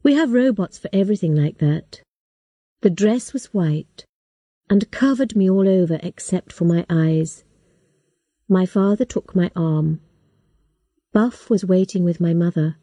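A woman calmly reading a first-person story aloud, as audiobook narration. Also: fairly low pitch, a little slow, pauses often, no echo, muffled recording.

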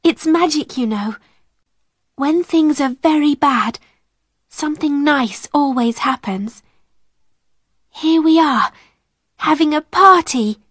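A woman reading as a gentle, hungry young girl who speaks in a soft, hushed voice with a raised, girlish lift. She talks slowly and close, with no room sound around her. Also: high voice, no room sound, voice pushed up, full character voice. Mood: cheerful. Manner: soft, hushed, often whispering.

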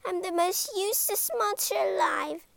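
A woman voicing the smallest monster in the world, a timid little female creature with a squeaky voice. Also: moderate pace, vocal fry, fairly bright tone, no room sound, exaggerated voice. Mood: sad, squeaky. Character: tiny timid female monster, sad then clever.

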